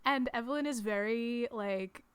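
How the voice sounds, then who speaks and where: A woman co-hosting a podcast in blunt, wry banter. Her voice is bright and crisp, recorded close and dry with no room sound. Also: on the high side, unhurried, no echo. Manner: blunt, wry, swears casually. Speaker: podcast co-host. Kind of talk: casual chat.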